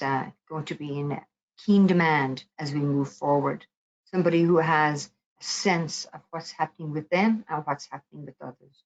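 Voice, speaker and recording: A woman with a notably low voice leads a gentle mindfulness lesson. She explains things calmly and unhurriedly, with soft pauses. The recording is a little dull and lo-fi. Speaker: mindfulness teacher. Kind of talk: guided mindfulness talk.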